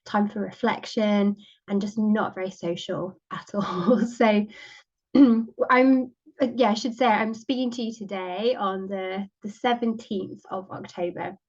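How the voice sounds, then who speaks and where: Croaky sniffly woman rambling through her podcast, lots of ums, unhurried, kinda muffled sound. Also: medium pitch, fairly even intonation. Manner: gentle, rambling, with many ums. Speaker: podcast host. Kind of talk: casual solo podcast talk.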